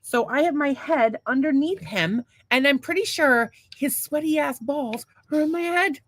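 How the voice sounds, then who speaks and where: A woman's voice: high voice, normal speed. A woman co-hosting a podcast, telling a long story in a casual, rambling, profane and self-mocking way. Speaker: podcast co-host.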